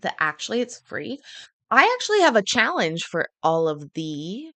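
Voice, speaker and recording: A woman's voice: mid-range voice, very animated, moderate pace, bright, forceful tone, dry recording. A woman streamer casually telling a rambling, profane story to her live stream.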